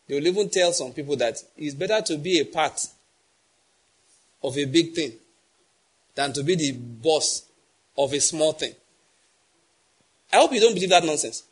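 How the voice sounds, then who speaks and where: A man's voice: fairly high pitch, slightly rough. A middle-aged man with a Nigerian accent preaching a sermon, emphatic and quizzing the congregation with repeated questions. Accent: Nigerian English. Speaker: pastor.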